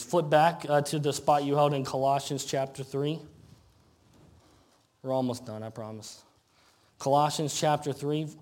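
A pastor preaching a conversational sermon, asking rhetorical questions and reading scripture slowly. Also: male voice, a little high. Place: church sanctuary.

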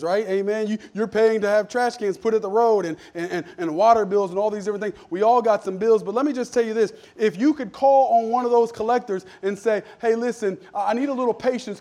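A man pastor preaching a sermon, calling for amens and swinging between loud emphatic lines and low asides. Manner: call-and-response preaching, asks for amens.

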